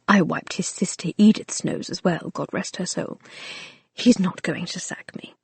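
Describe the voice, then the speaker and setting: A woman voicing a gruff older male family servant who is stern but fond, speaking in a clipped, dry way. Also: fairly low pitch, unhurried, a little mellow, no echo, exaggerated voice.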